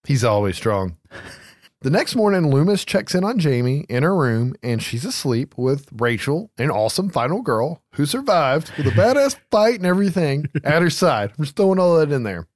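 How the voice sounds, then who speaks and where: Man, casual movie recap, swears and laughs a lot, very expressive pitch, dry close sound. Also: normal speed, dry recording. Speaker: podcast co-host.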